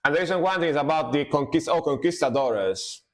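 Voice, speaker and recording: A man's voice: a little high, fairly quick. A man streaming live music reactions, musing aloud, fumbling over foreign words and cheering the riffs. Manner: excited exclamations over the music.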